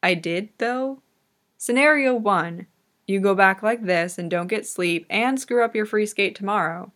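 A playful young male skater who teases his friend with a bright, easygoing warmth, as a woman reader puts him on. He is a cheerful figure from a fan audiobook, talking in an even, friendly pitch. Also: measured pace, lightly acted. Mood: teasing. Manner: teasing, playful.

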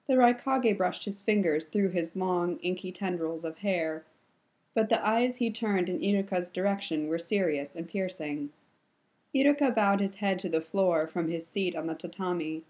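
Low, mellow woman narrating fiction. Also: animated, normal speed. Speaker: reader. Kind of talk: audiobook-style fan fiction narration.

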